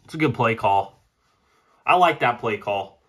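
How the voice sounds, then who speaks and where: A man's voice: mid-range voice, animated, measured pace, a bit bright, breathy edge. Sarcastic, swearing man breaking down game film. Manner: frustrated, sarcastic, swears often. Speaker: football film breakdown host. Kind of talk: casual play-by-play film commentary.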